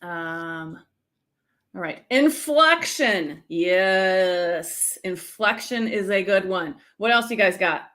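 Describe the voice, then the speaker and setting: A middle-aged woman from the United States, an energetic speaking coach teaching a live-stream lesson and checking in often with the viewers. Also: medium pitch, slow.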